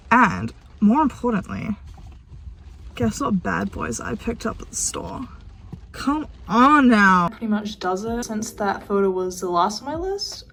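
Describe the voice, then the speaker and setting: A young adult woman talking casually in a vlog diary, chatty and excitable, with the odd casual swear. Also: medium pitch, a little hiss or hum. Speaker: vlogger.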